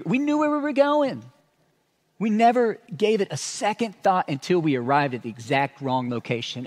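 A man preaching a sermon as a pastor, telling stories and acting out sarcastic asides. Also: high voice. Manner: animated storytelling with sarcastic asides.

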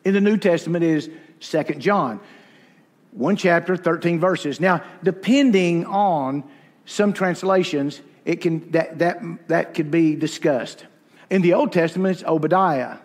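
A man's voice: a little high, measured pace. Folksy preacher man, reverberant hall. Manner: folksy, self-deprecating humor. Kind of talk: sermon with personal anecdotes. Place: church.

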